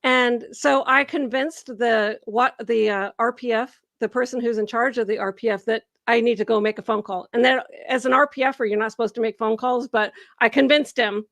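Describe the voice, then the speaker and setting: Host, woman, middle-aged: gravelly, lively storyteller, close dry mic. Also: fairly high pitch, no echo. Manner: animated, acts out quoted voices with laughter. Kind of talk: casual conversational storytelling.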